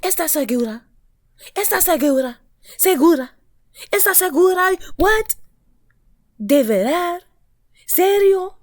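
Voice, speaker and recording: A woman's voice: lively intonation, a little slow, long pauses, no echo, studio quality. A woman voicing a young woman abroad who keeps asking shocked, disbelieving questions. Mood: incredulous. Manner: incredulous, high-pitched repeated questions.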